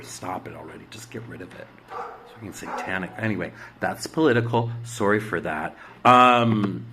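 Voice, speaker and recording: A man's voice: sits low, a little hiss or hum. Blunt, swearing spiritual man host. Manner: blunt and preachy, swearing, swings from loud urging to hushed asides; commanding exhortations. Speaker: spiritual astrology show host. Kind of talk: emphatic motivational monologue.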